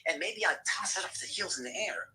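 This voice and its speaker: A man hosting a live stream, talking casually in an animated, profane, ranting way. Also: sits high, quick pace, soft background music, rough recording. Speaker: livestream host.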